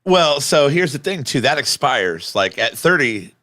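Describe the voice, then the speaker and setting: A man's voice: mid-range voice, very animated, a little slow, sharp tone, dry recording. A podcast host in his forties in casual chat, agreeable and summing up points plainly.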